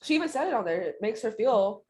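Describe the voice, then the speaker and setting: A young adult woman co-hosting a podcast in casual chat, speaking earnestly and reflectively with quick quoted asides. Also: fairly high pitch, very animated, darkish tone, a little hiss or hum. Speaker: podcast co-host.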